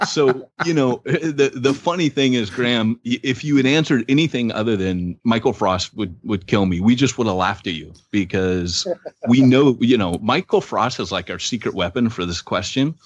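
A man hosting a podcast in a casual, jokey, animated way. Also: mid-range voice, moderate pace, dull audio. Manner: jokey, animated, laughs easily. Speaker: podcast host.

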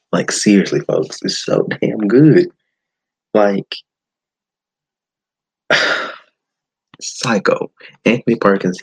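A man hosting a podcast, giving a blunt, animated movie-review monologue with frequent swearing. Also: on the low side, slightly rough, no echo, rough recording. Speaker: podcast host.

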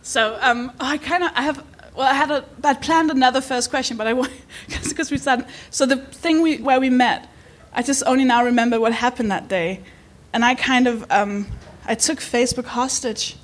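Giggly high-voiced woman hosting live. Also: normal speed, few pauses. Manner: giggly, swearing, self-mocking. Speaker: podcast host. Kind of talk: live podcast chat before an audience.

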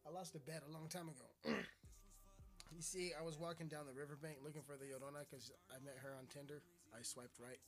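A man's voice: fairly high pitch, fairly even intonation, a little fast, faint music behind. A man hosting his own podcast, rambling and joking with lots of swearing. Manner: rambling, profane, jokey. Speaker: podcast host. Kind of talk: casual solo podcast chat.

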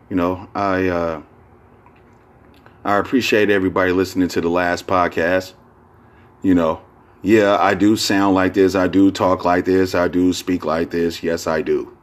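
A man hosting a casual solo podcast, talking in a rambling, profane way full of fillers and restarts. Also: deep voice. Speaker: podcast host.

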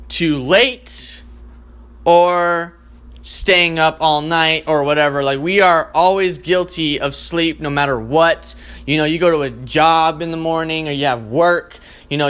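A man hosting a comedy show, ranting in a profane, excitable and rambling way. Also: on the high side, clean tone. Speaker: host. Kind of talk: comedic rant.

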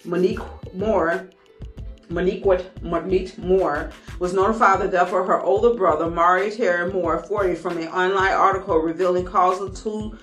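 Woman reading news out loud, stumbling, stopping to rant, echoey room, bit of music under it. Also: on the low side, fairly even intonation. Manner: reads haltingly with stumbles, breaks off to vent angrily. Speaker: show host reading and reacting to news. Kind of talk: casual commentary over a news article.

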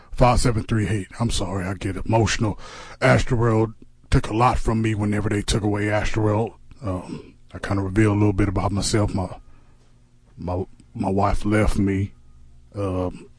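A man hosting a comedy radio show, deadpan and mock-serious, often stammering on repeated words. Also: on the low side, husky, dry recording.

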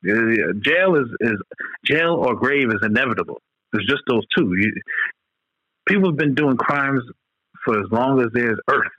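Man, casual profane chat, bright tense tone, dry close sound, slightly muffled. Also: mid-range voice, animated, moderate pace, no echo. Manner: loose, profane, rambling street talk.

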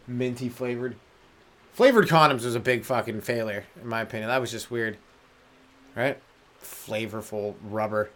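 A young man hosting a comedy podcast alone, rambling through crude jokes and laughing at his own lines. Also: mid-range voice. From Canada. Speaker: stand-up comedian podcast host. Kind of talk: solo comedic rant.

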